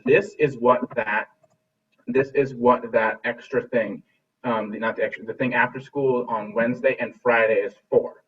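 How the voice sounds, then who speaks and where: A husky man with a mid-range voice teaches a music class over a video call, encouraging his pupils and often restarting or repeating his phrases. He speaks at normal speed with a steady tone. Sitting back from the laptop mic, he sounds distant through the dull, lo-fi call audio.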